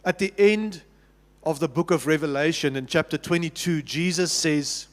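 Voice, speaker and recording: A man's voice: on the high side, moderate pace. A man with a South African accent preaching a sermon as pastor, talking with the congregation in an easy, conversational way, often restarting and asking them questions. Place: church sanctuary. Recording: long reverb of a church hall.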